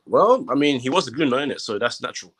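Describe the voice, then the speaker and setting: A man's voice: mid-range voice, fast. Slangy man talking football. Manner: animated, slangy, lots of fillers. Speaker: podcast co-host. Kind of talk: casual football chat.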